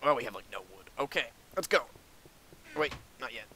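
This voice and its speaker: A man hosting a casual gameplay chat, excitable and quick to burst into shouts and laughter. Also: medium pitch, noisy background. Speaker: let's play host.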